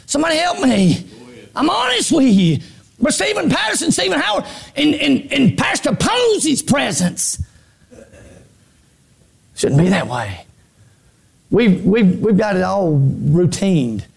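A man preaching a sermon from a church pulpit. He repeats phrases and swings between shouted lines and hushed low ones. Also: sing-song, measured pace, gravelly, long pauses, husky. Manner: repeats phrases, stammers on restarts. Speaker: pastor.

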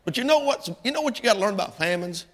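A middle-aged man preaches in a folksy, plain-spoken style that swells into impassioned cries. His voice sits high and has a bright, gravelly edge. It rings through a hall with a long reverb. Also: lively intonation, rapid-fire. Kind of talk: sermon.

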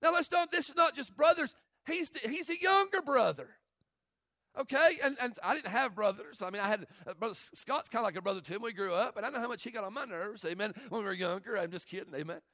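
Animated preacher, high and bright. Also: male voice, quick pace, dry recording, studio quality. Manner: animated, acts out quotes in varied voices. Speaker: pastor. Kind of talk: sermon.

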